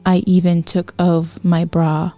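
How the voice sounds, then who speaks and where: Slow, mellow woman reading fanfiction aloud. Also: fairly low pitch, flat delivery, faint music behind. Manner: wry, unhurried, breaks off with apologetic asides.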